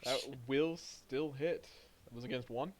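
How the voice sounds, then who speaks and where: A man running a tabletop game, calling hits and damage in a dry, matter-of-fact way. His voice sits at a middling pitch for a man. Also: unhurried, noisy background. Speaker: game master.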